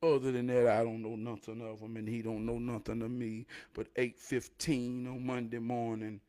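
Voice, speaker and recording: A man casually telling a personal story to the camera in a slow, emphatic, conversational way. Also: medium pitch, little pitch movement, dark tone, smooth. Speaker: vlogger.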